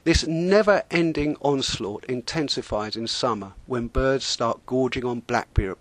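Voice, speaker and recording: A man, telling a comic sailing story in a deadpan, wry manner. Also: medium pitch, dry recording. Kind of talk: humorous spoken monologue.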